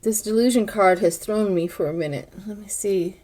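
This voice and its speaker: An older woman talks through a tarot spread in a relaxed, chatty way. She names each card and muses aloud about its meaning, speaking straight to her viewers at a middle pitch. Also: normal speed. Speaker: tarot reader. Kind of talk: casual tarot reading to camera.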